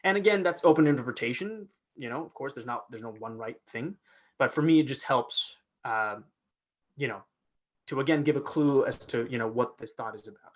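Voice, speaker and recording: A man, a guest actor, talking through his process in a casual teaching chat, animated and full of restarts and fillers over a video call. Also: mid-range voice, a little fast.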